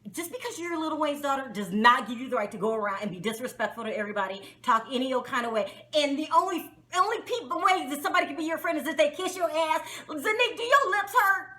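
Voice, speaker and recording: A woman hosting a casual review vlog, talking in an animated, outspoken and exasperated way and often laughing. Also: sits high, fast talker, hardly any pauses. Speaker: reality TV reviewer, vlog host. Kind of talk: casual spoken show review.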